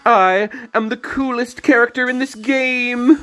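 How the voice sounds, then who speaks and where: A man putting on a slow, boastful robot rival. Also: very high-pitched, fairly even intonation, pushed and bright, faint music behind, pitched above the performer's own voice, full character voice. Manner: slow, drawn-out, overblown delivery. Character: boastful menacing male robot rival, arrogant.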